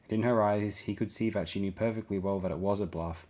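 A man reading a science fiction audiobook aloud, giving the characters' lines small shifts in pitch and volume. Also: steady tone, quick pace, darkish tone. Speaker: audiobook reader. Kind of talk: scripted narration.

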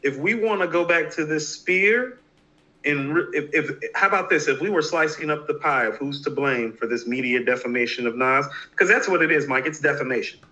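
A man co-hosting a casual hip hop podcast, talking in an animated, emphatic way with frequent restarts. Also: fairly high pitch, brisk, muffled recording. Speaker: podcast co-host.

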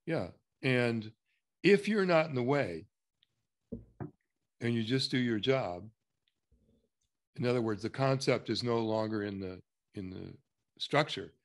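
A man's voice: mid-range voice, animated, unhurried, pauses often. A man with an American accent coaching a client in a consultation, asking direct, probing questions and laughing easily. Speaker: structural consultant.

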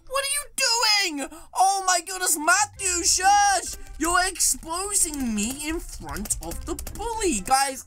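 A woman giving excitable gaming commentary, reacting with dramatic exclamations. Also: high-pitched. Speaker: gaming YouTuber.

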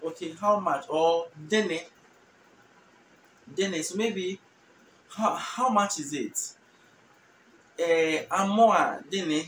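A Ghanaian man teaching a language lesson, repeating each phrase slowly and translating it patiently. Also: high voice, a bit bright. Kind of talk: relaxed spoken language lesson. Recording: roomy, distant mic with faint noise.

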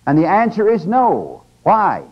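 A man's voice: sits high, huge pitch swings, measured pace. An older man giving a conversational, emphatic religious lecture, with teaching asides to his audience. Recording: dull lo-fi lecture tape.

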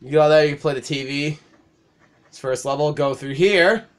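Profane, excitable young man gaming. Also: on the high side, normal speed. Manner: profane, excitable, laughs often. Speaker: let's play host. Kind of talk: casual game commentary.

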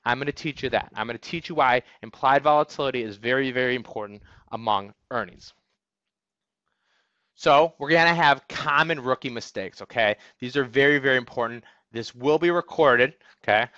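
A man giving a webinar lesson in a bright, forceful voice, driving each point home and checking in with "okay?" after nearly every sentence. The recording is dry and a little dull, with no room sound to it. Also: medium pitch, normal speed, dry recording. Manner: energetic, emphatic, keeps asking "okay?". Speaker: trading instructor. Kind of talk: webinar lecture. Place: office.

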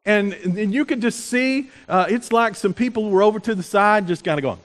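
A man's voice: sits high, moderate pace. A man preaching a sermon as pastor, telling stories in a conversational way with fillers and restarts. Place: church sanctuary.

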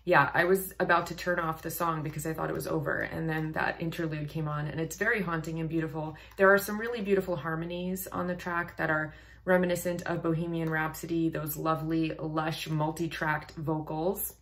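A woman's voice: low-pitched, little pitch movement, a little fast, a bit bright. A woman vocal coach and singer giving casual song reaction commentary, thoughtful, reading text aloud and laughing often.

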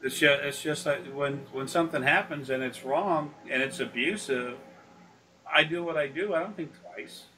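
A man chatting as a spiritual consultant in a folksy, rambling manner, slipping into voices as he tells stories. His voice sits fairly high and sounds bright and forward. He is heard from a distance over a faint hum of background noise. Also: moderate pace. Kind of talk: casual rambling talk.

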